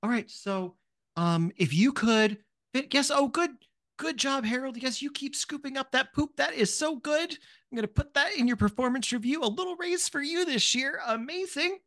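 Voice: high-pitched, expressive, normal speed, a bit bright, voice pushed up. A game master voicing a chirpy creature manager. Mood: chipper. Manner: chirpy, encouraging, fussy praise. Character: cheerful upbeat clipboard-carrying creature farm manager. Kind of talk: tabletop role-play.

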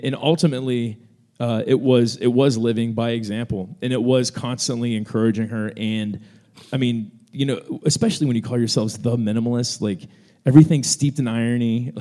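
A man's voice: mid-range voice, warm tone. A young man co-hosting a live event, telling a story casually with lots of fillers and restarts, speaking into a stage microphone. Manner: rambling, many fillers and restarts, acts out quoted voices. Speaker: co-host answering audience questions.

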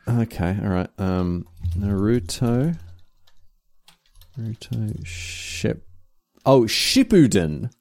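An Australian man with a fairly low voice that swoops up and down as he talks. He chats in a slangy, rambling way and keeps cutting himself off to start again. The sound is close and dry, with no room around it. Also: extremely slow, gravelly, pauses often, no room sound. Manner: animated, slangy, rambling with self-interruptions. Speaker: podcast co-host. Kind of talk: casual chat.

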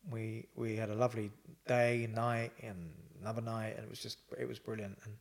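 A man's voice: lowish voice, level tone, a little fast, gravelly. Man, casual storytelling, rambling, many fillers, quoted dialogue. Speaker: podcast guest.

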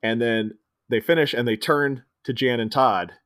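A man's voice: mid-range voice, fairly even intonation, normal speed, fairly bright tone, no room sound, studio quality. A man co-hosting a podcast, animatedly retelling a film scene by scene and acting out quotes in silly voices. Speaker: podcast co-host. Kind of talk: casual movie recap chat.

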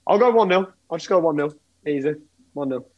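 A man's voice: on the high side, expressive, fairly quick, muffled recording. A man, a podcast regular, talking eagerly and fervently about his football club. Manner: eager, fervent fan talk. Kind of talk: casual podcast chat.

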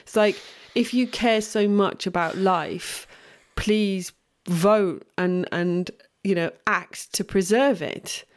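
A woman's voice: medium pitch, slow. A woman in casual conversation as a podcast co-host, talking earnestly and thinking aloud with frequent restarts.

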